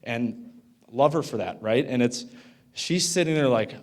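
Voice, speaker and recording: Addressing a conference hall, a man in his thirties tells a story in an expressive, unhurried, medium-pitched voice. His delivery is chatty and casual, packed with fillers, and he repeatedly asks the audience "right?" to check in with them.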